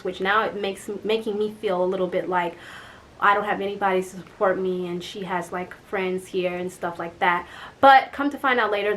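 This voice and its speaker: A young woman vlogger telling a story in casual chat, animated and exasperated, with lots of "like" and mild swearing. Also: mid-range voice, slight background noise.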